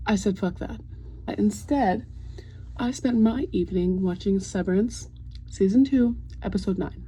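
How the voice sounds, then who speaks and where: A woman's voice: mid-range voice, warm tone, slight background noise, low-quality recording. A young woman casually chatting to camera at home in a video diary, rambling through a fan rant and swearing freely. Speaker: vlogger. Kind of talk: casual vlog chat.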